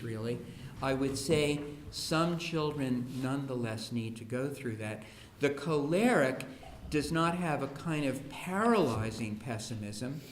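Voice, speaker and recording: A man giving a humorous talk on education to an audience, acting out the voices of parents and children as he tells stories. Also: fairly high pitch. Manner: humorous storyteller, acts out quoted children and parents. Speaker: speaker on education. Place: school hall. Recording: echoey room with faint hiss.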